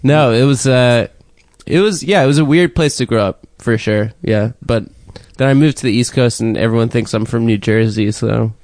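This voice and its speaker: A man's voice: medium pitch, normal speed, few pauses, a little mellow, dry recording. A man co-hosting a podcast, telling rambling, self-deprecating stories with lots of swearing. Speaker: podcast host. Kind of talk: casual banter.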